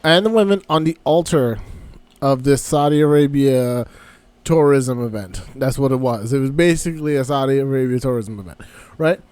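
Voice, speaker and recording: A man's voice: mid-range voice, normal speed, darkish tone, clean tone, no room sound. A man co-hosting a casual wrestling podcast, joking and slipping into impressions. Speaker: podcast co-host.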